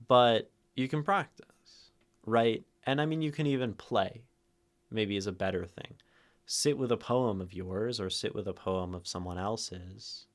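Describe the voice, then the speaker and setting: A man hosting a poetry livestream, thinking out loud to chat, shifting word stress and checking in with "right?". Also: lowish voice. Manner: thoughtful, tags phrases with "right?"; plays with stress, rereading lines different ways. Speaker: streamer hosting a poetry reading. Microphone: streaming mic and camera.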